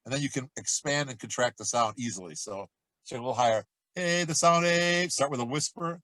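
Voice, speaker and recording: A middle-aged man coaching a vocal warm-up lesson, talking in a relaxed, chatty way between loud sung demonstrations. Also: mid-range voice, fairly quick, dry recording, poor audio. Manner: demonstrates exercises with loud sung shouts and quacks.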